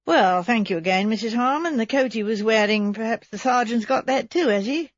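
A woman's voice: a little high, a little fast, no echo, dull audio, close to an everyday voice. A woman narrator voicing a stout, florid middle-aged man who is falsely hearty and pushy, read for an audiobook.

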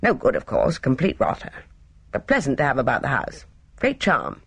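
A reader voicing a gaunt, gruff elderly woman who runs a household and scolds brusquely. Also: medium pitch, wildly swooping pitch, moderate pace, dry recording, full character voice. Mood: brusque, scolding. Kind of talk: audiobook character reading.

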